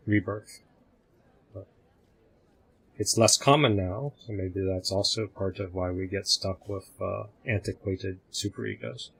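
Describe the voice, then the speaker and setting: Man, call host, low raspy voice, musing and reflective. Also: fairly bright tone, poor audio. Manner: reflective, thinking aloud. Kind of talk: online group discussion. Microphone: video call.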